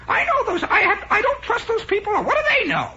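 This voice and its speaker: A man putting on a shrill, bossy old aunt. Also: wildly swooping pitch, brisk, pushed and bright, full character voice. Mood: indignant. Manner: shrill, scolding, distrustful. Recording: dull lo-fi radio broadcast with faint hiss.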